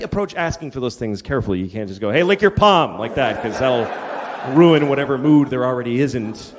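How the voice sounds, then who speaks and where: A male stand-up comedian telling crude, exasperated stories and swinging into loud rants on stage. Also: mid-range voice. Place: comedy stage before a live audience. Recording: live hall with crowd laughter and noise.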